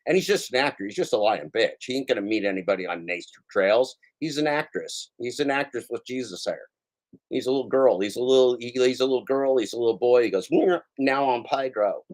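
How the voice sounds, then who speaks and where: A man's voice: mid-range voice, expressive, quick pace, a little mellow. A man hosting a livestream, ranting casually in a taunting, profane and rambling way. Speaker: livestream host.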